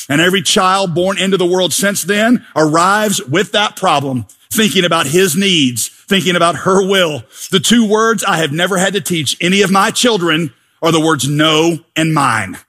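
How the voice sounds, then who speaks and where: A man preaching a lively, joking sermon as a pastor and acting out people's voices. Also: high-pitched. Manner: animated, joking, acts out voices.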